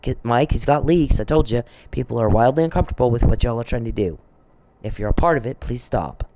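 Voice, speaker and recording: A woman's voice: extremely low pitch, lively intonation, brisk, background noise. A middle-aged woman in a casual monologue, agitated, swearing and rambling as she vents. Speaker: vlogger.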